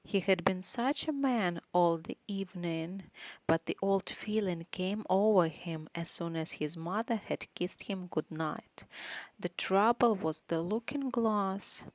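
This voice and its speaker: A woman reading a novel aloud in a measured, even way. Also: fairly low pitch, no echo. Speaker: audiobook reader. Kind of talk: audiobook narration.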